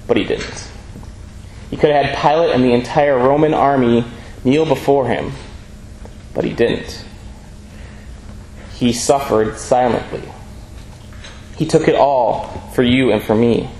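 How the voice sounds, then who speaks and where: A man preaching a sermon in an earnest, measured way, reading scripture aloud between his points. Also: mid-range voice, a little mellow. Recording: echoey room with faint ambient noise.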